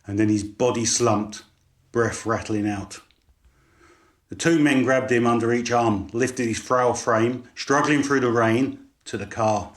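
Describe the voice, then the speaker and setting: Man, story narration, calm, measured. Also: medium pitch, roomy sound. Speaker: author narrating.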